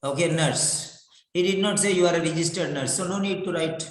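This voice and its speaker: A man teaching a writing lesson slowly, repeating words and spelling them out letter by letter. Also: on the high side. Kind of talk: online exam-prep lesson. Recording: echoey room.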